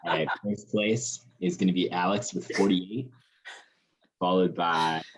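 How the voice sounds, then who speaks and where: A man keeping score in a trivia game, calm and matter-of-fact as he reads out totals. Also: sits low, unhurried, slightly rough. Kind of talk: casual chat, reading scores.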